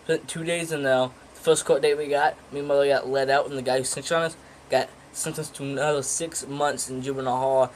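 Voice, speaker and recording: A teenage boy tells a story in a loose, rambling way, swearing often and restarting his sentences. His voice sits at an ordinary middle pitch. A faint ambient hiss is heard under him. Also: fairly even intonation, a little fast, rough recording. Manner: rambling, profane, with many fillers and restarts. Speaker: vlogger. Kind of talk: casual storytelling.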